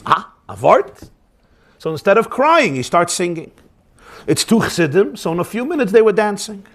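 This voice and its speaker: High-voiced rabbi telling a story. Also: male voice, fairly quick. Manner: lively, animated storyteller. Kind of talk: storytelling sermon.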